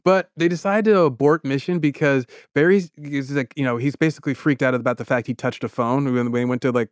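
A man's voice: medium pitch, steady tone, quick pace, smooth, dry recording, clean studio sound. A man co-hosting a podcast, telling a story in a casual, comedic way, laughing often and slipping into character voices. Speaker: podcast co-host.

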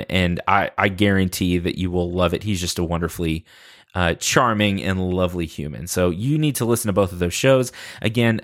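A man's voice: sits low, fairly bright tone. A young man hosting a podcast, chatting casually in a goofy, self-deprecating way. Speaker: podcast host.

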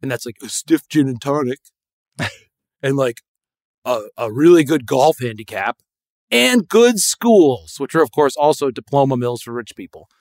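In a relaxed podcast conversation, this guest comedian, a man in his fifties from Connecticut, curses his way through rants and imitates people in exaggerated, shrill, loud voices. He speaks at a normal speed, and the studio-quality audio has no echo.

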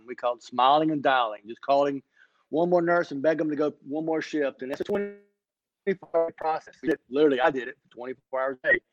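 A man's voice: mid-range voice, no echo, lo-fi sound. A man in his fifties, a company founder, telling his story with energy in an online podcast interview. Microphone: remote online call.

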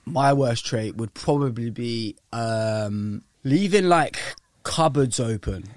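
A young man hosting a phone-in show, chatty and quick to laugh. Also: medium pitch, darkish tone, no room sound, studio quality. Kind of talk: casual chat.

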